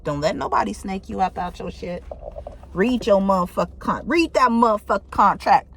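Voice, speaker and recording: A woman's voice: mid-range voice, animated, moderate pace, vocal fry, fairly bright tone, slight background noise. A woman giving a casual tarot reading, talking bluntly and swearing freely for emphasis. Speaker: tarot reader.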